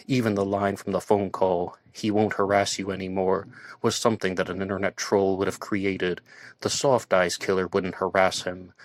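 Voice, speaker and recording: Deep-voiced man narrating an audiobook. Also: no room sound, clean studio sound.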